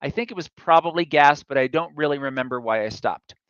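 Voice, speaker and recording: Bright, clear-voiced male storyteller. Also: a little high, fairly quick, dry recording, dull audio. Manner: chatty, self-deprecating storyteller. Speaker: guest speaker. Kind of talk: storytelling talk.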